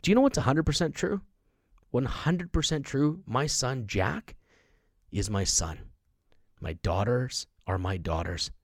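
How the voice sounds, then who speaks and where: A man's voice: medium pitch, expressive, a little slow, no echo, clean studio sound. A middle-aged man hosting a podcast, speaking emphatically in a motivational monologue and acting out the voices of people he quotes. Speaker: podcast host.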